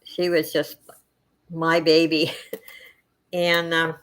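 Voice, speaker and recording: A middle-aged woman hosting a casual chat with her viewers, soft-spoken and emotional, wandering from thought to thought with many fillers. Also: deep voice, completely flat delivery, takes it slowly. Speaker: channel host chatting with viewers.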